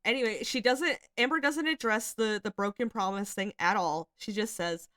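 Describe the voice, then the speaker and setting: A woman's voice: mid-range voice, normal speed, few pauses, fairly bright tone, no room sound, studio quality. A woman hosting casual commentary, reading out screenshots and reacting, chatty and swearing freely with many fillers. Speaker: commentary channel host.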